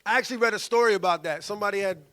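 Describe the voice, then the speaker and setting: A male pastor, preaching a sermon in an animated way and acting out quoted voices. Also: sits high, racing. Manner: animated, acts out quoted voices, loud bursts.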